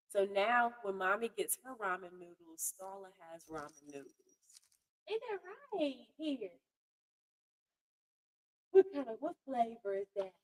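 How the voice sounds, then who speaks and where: A woman's voice: medium pitch, poor audio. Female home vlogger, mid-range voice, loose and chatty, coos at her cat, swears casually. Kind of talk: casual chat to camera.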